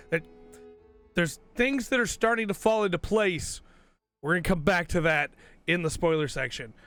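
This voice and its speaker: Male podcast host, enthusiastic and rambling, slightly high, bright voice, voice worn down. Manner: rambling, enthusiastic, self-correcting. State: losing his voice. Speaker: podcast host reviewing episodes. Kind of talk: casual review commentary.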